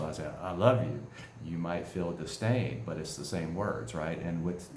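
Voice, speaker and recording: Deep-voiced man teaching, echoey room. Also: darkish tone, a little hiss or hum. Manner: conversational, keeps asking "right?". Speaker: coach. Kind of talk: spoken teaching talk.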